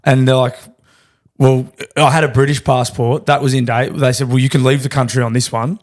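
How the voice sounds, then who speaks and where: A man's voice: medium pitch, flat delivery, a little fast, darkish tone. A man co-hosting a podcast, swearing bluntly as he recounts things in casual chat. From Australia. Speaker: podcast co-host.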